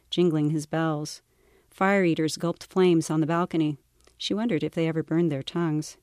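A woman author reading her novel aloud in a measured, wry manner. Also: low-pitched, darkish tone, no room sound, studio quality.

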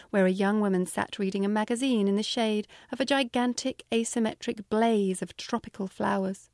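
A woman's voice: medium pitch, no echo. A woman with a British accent reading her own memoir aloud with wry, dry humor. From Britain. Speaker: author.

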